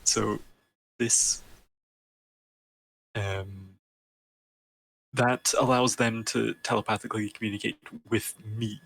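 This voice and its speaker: A man speaking as a player in a tabletop game, slow and unhurried, with a husky, breathy low voice. He hesitates a lot and trips over his openings. The tone stays casual throughout. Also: steady tone, fairly bright tone, low-quality recording. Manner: hesitant, stumbling restarts.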